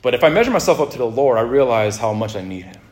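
A pastor preaches quickly at an ordinary middle pitch, keeping his sermon relaxed and conversational with jokes and asides to the crowd. The recording echoes, as if made in a roomy church sanctuary.

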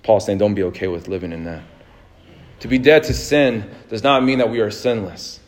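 A man's voice: on the low side, moderate pace. Casual preaching man in his thirties. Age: 30s. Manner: casual, anecdotal, laughs easily, many restarts. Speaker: pastor. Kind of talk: conversational sermon.

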